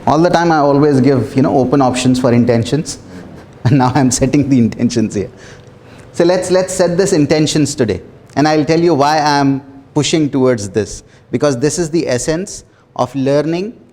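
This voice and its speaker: A man leading a small self-development workshop, talking earnestly with repeated phrases and soft laughs. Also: mid-range voice, normal speed. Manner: earnest, repetitive, laughs softly between phrases. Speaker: workshop facilitator. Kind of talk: motivational workshop talk.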